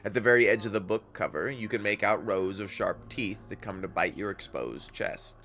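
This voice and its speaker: A man's voice: lowish voice, normal speed, sharp tone, a little hiss or hum. A young man streaming a video game live, reading its text aloud with casual, profane asides. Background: faint game music.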